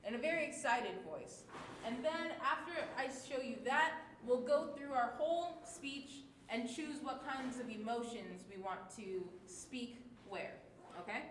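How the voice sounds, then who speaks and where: A woman with a high voice teaches children at an unhurried pace. She talks patiently and keeps checking in with her listeners. The room is echoey, with faint noise behind her. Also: a bit bright. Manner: clear, patient teacher talk with many check-ins. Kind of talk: children's lesson video.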